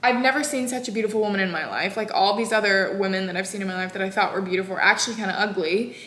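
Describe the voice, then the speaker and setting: A woman's voice: mid-range voice, rapid-fire, a bit bright, natural voice. A woman mimicking a pompous, smitten man who gushes over a beauty. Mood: gushing. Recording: echoey room.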